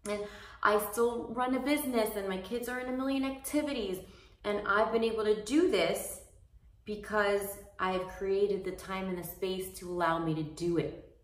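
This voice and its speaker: A woman's voice: medium pitch, moderate pace. A woman fitness coach giving an earnest, encouraging motivational talk that rambles with restarts. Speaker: fitness coach and business owner. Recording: roomy echo, mic far off.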